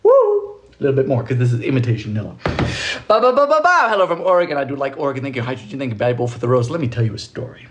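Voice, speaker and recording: A man's voice: mid-range voice, rapid-fire, hardly any pauses, noisy background. A man in his twenties chatting playfully through a live cooking stream, reading viewer comments aloud with a joke for each. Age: 20s. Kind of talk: casual live-stream chat while baking.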